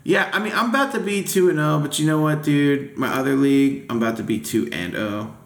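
Animated man venting about football. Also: on the high side, fairly quick, gravelly. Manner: animated, swears, vents and laughs. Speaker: podcast co-host. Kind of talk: casual sports chat. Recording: echoey room.

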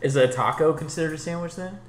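A man's voice: on the high side, fast talker, crowd noise. A young man co-hosting a podcast, laid-back and rambling in casual chat. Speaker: podcast co-host. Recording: echoey room.

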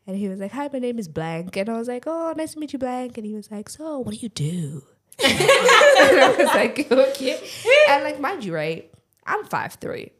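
On a casual podcast, a young woman co-host with a voice on the high side tells a story at a moderate pace. She's an animated storyteller, laughing often and acting out quotes as she goes.

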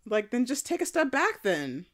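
Lively-voiced young woman in casual chat. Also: moderate pace. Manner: expressive, swings into high mocking voices when quoting.

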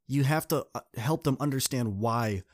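Guy coaching podcast host, earnest and direct, chatting to listeners, normal mid voice. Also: moderate pace. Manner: acts out quoted people with shifts in pitch. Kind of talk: casual podcast monologue telling a story.

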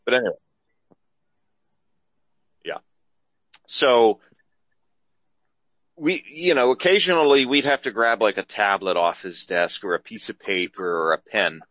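Low-pitched male host, rambling podcast talk, dry and dull sound. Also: unhurried, long pauses, a bit bright, dry recording. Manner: rambling, repeats himself, trails off. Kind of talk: casual podcast chat.

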